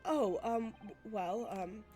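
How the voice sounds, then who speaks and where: A woman's voice: medium pitch, takes it slowly, warm tone, soft background music, lightly acted. A woman voicing a nervous young male law student in a video game, flustered and stammering.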